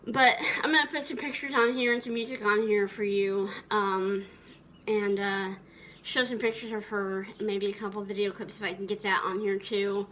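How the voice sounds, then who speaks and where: A woman's voice: medium pitch, steady tone, normal speed, fairly bright tone, a little hiss or hum. A woman vlogger reminiscing tenderly in a casual, rambling way, with many fillers and restarts.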